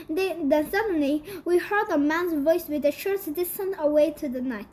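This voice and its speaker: High-voiced Korean woman reading aloud. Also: darkish tone, poor audio. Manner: halting, with slips and self-corrections. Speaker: storybook reader. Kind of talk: reading a children's book aloud.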